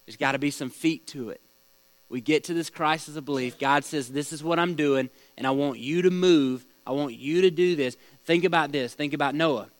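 A man's voice: fairly high pitch, moderate pace, no room sound, poor audio. A man leading a small-group Bible study, teaching in a conversational way, asking the group questions and telling stories.

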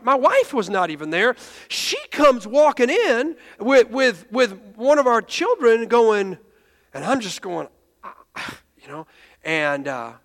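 A high-pitched man preaches, earnestly retelling events and slipping into the voices of people in his story. He stammers and restarts as he goes. A long reverb trails his words through the sanctuary. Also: a bit bright. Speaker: pastor. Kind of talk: sermon storytelling.

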